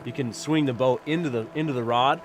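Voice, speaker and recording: Relaxed man chatting on a fishing boat. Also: medium pitch, fairly quick, over music. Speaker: fishing partner. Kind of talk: casual chat on a boat. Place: on a boat outdoors.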